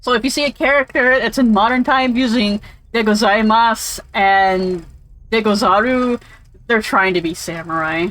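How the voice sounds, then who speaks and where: A woman's voice: on the high side, moderate pace, fairly bright tone, rough recording. A woman casually commentating while playing a game, rambling and swearing freely. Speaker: let's play streamer.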